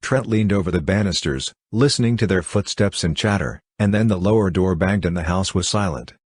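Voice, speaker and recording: Deep husky male narrator, dry sound. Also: fairly quick, dry recording. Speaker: audiobook narrator. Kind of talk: scripted narration.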